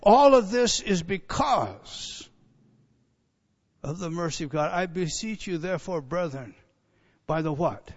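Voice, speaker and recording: A man preaching a sermon as pastor, emphatic, building up to near-shouts on key points. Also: on the high side, expressive, measured pace, pauses often. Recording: dull lo-fi sound.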